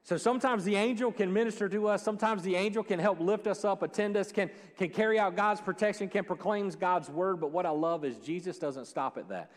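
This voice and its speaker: A man preaching a sermon as a joking, animated storyteller. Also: high voice, fairly quick, few pauses. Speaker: pastor. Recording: long hall reverb.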